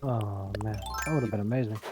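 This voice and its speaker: A woman's voice: very deep voice, a little fast, loud music behind the voice. A woman on a live stream chatting casually, ranting with frequent swearing. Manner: animated, profane ranting. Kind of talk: casual chat.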